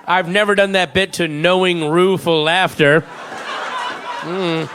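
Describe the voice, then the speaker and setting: A man's voice: sits high, steady tone, slow, a crowd in the background, noisy background. A man doing a stand-up comedy set, rambling, profane and self-mocking.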